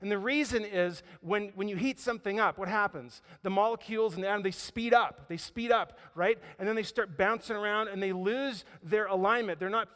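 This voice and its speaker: High-voiced pastor preaching in a reverberant hall. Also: male voice, brisk, few pauses. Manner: dramatic storytelling, swings between loud emphasis and quiet near-whispers. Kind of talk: sermon. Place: church auditorium.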